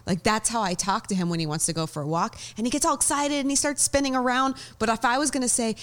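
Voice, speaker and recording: A woman co-hosting a podcast, explaining her points casually and with lively examples. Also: mid-range voice, fairly quick, hardly any pauses. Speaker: podcast co-host.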